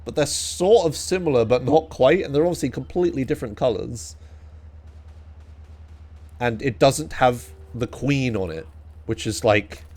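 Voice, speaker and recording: A man's voice: medium pitch, normal speed, pauses often. A young man from England chatting casually on a live stream, ranting in disbelief with lots of swearing and laughter. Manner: animated, incredulous ranting with frequent swearing and laughs.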